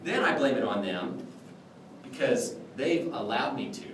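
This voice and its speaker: A man lecturing on clown magic and demonstrating tricks to a class in an animated, jokey way, often acting out his exchanges with kids. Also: medium pitch, unhurried. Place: lecture room. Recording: echoey room, far from the mic, background noise.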